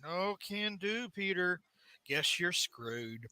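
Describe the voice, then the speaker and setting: A man putting on a scheming older comic villain who talks low and hushed with cool mockery. The tone stays bright and dry, up close to the mic. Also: moderate pace, no room sound, heavily acted. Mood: smug. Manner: low, quiet and mockingly calm. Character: smug scheming older male villain on the phone.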